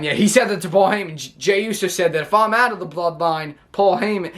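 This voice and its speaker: A man's voice: high-pitched, a little fast, a bit bright. A man hosting a casual vlog, reviewing a wrestling show in a rambling way as he talks his way through each event.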